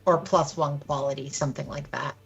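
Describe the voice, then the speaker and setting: A woman's voice: low-pitched, steady tone, fairly quick, vocal fry, husky, highs cut off, soft background music. A woman at a tabletop game making dry, rules-focused remarks. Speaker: player.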